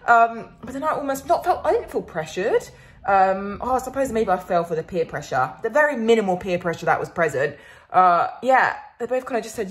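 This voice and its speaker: A woman's voice: medium pitch, expressive, a little fast. A young woman from Finland with a Finnish accent, chatting casually in a vlog, swearing freely and laughing often. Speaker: vlogger.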